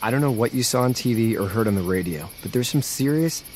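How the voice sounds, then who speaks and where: A young actor playing a farmer's earnest son in a video game, talking in an earnest, urgent way. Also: male voice, mid-range voice, lively intonation, fast talker, a loud crowd, lightly acted. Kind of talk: game voice acting. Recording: game audio with loud cricket noise. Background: crickets and night ambience.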